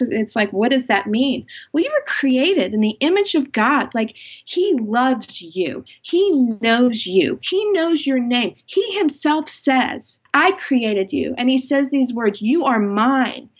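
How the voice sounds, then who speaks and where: A woman's voice: high voice, big pitch swings, a little slow, few pauses, breathy edge. A middle-aged woman who is an author, talking earnestly and with passion as a guest in a faith-based podcast conversation. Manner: earnest, impassioned, emphatic. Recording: dull lo-fi sound.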